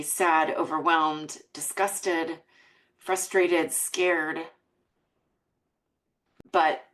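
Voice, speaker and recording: Female podcast host, American, low-pitched, heartfelt and earnest delivery. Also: rough recording. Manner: earnest and emotional, reading quotes aloud.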